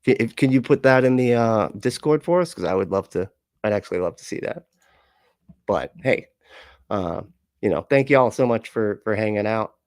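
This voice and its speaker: A man's voice: fairly low pitch, lively intonation, moderate pace, no room sound, studio quality. A man hosting a casual livestream, talking loosely with a sarcastic edge and laughing often as he rambles and swears freely. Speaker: livestream host.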